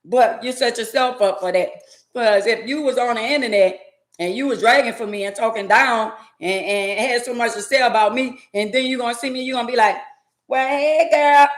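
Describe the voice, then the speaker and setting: A woman's voice: fairly high pitch, moderate pace, roomy sound. Blunt woman talking back to chat. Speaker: live-stream host. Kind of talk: casual live-stream commentary.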